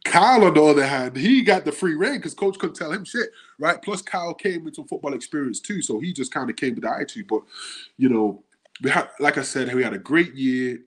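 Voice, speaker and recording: A man from the UK, a guest on the show, telling animated stories in casual chat and acting out the quotes. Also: on the high side, a little fast, slightly rough. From United Kingdom. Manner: animated storyteller, acts out quotes.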